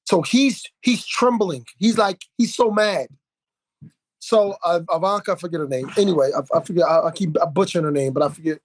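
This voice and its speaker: A man in a casual podcast conversation, telling a story in an animated, indignant way. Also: high voice, brisk. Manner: animated storyteller, indignant, many fillers and restarts.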